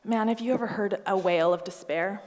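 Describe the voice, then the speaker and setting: A woman in her thirties preaching a sermon as a pastor, animated and storytelling, acting out voices with humorous asides. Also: mid-range voice, normal speed, big-room sound. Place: church hall.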